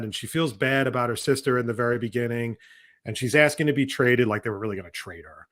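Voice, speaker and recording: A man's voice: mid-range voice, fast, a bit bright. A man co-hosting a podcast in casual chat, ranting heatedly with profanity and exasperation. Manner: often mimics other people's voices. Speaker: podcast co-host.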